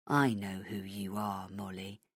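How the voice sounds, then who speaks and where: A woman voicing a menacing older male police chief who taunts in a low, hushed voice. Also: animated, measured pace, no echo, studio quality, full character voice. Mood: taunting.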